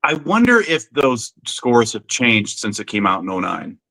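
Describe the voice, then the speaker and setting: Bright-voiced man in casual podcast chat. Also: mid-range voice, big pitch swings, unhurried, rough recording. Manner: chatty, many fillers and restarts. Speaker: podcast co-host.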